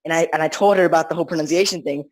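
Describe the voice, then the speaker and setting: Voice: medium pitch, steady tone, rapid-fire, a little hiss or hum, rough recording. A teenager chatting casually as a podcast co-host, rambling with lots of restarts and fillers. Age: teens. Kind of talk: casual chat.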